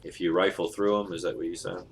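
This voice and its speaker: A man narrating as game master of a tabletop game, relaxed and laughing often, with many ums. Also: low voice, fast talker, vocal fry, slight background noise.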